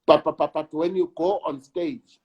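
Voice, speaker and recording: A South African man, an actor and director, talking in an interview in a slow, emphatic way and repeating words for weight. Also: fairly high pitch, fairly even intonation, a little mellow, husky. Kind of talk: reflective conversation.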